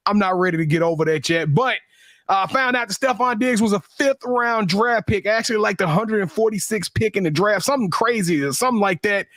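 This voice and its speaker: A man with a Southern US accent co-hosting a sports podcast, excitable and joking as he runs a trivia giveaway. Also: sits high, brisk, dry recording, clean studio sound. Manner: excitable, laughing, hype-man banter. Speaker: podcast co-host. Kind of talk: casual chat and trivia giveaway.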